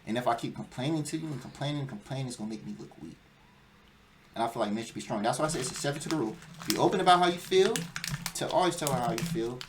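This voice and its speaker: A man's voice: mid-range voice, rapid-fire. A young man in a casual talk show, making his case with emphasis and a lecturing push. His voice sits in an ordinary middle range. A faint hiss of background noise runs under the recording. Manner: emphatic, lecturing, acts out quoted whining. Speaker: podcast host. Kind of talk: casual chat.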